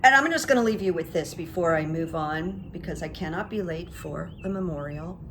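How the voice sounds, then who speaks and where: A middle-aged woman who hosts her own psychic commentary channel chats through the news in a casual, opinionated political monologue full of asides and fillers. Her voice is fairly low-pitched, brisk and fairly bright, with a slight hiss or hum in the background.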